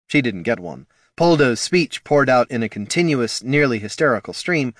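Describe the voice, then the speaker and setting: With a mid-range voice at normal speed, this man narrates a fantasy tale for an audiobook, telling it expressively. The sound is dry and clean, straight from a studio.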